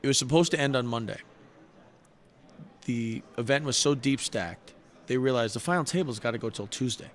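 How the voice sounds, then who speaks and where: A middle-aged man, a poker player guesting on a show, tells personal stories in a medium-pitched voice at a moderate pace, pausing often. His manner is heartfelt and earnest, and his animated retelling keeps breaking off and starting again.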